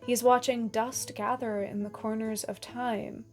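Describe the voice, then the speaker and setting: A woman narrating a scripted video essay in a measured, explanatory way, with dramatic emphasis on key lines. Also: on the high side, little pitch movement, soft background music.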